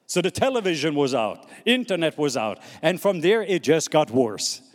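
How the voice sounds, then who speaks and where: A man with a Norwegian accent preaching a sermon, animated and calling on the congregation to repeat words back. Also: on the high side, normal speed, long reverb tail. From Norway. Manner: animated preaching with call-and-response prompts. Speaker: pastor.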